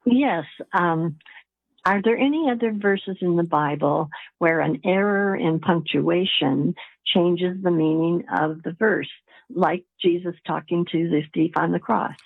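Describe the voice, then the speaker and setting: A woman from Montana calls in to a radio program with her question. Her low, gravelly, husky voice comes through a thin, tinny phone line. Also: unhurried, no room sound. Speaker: caller. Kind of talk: call-in question.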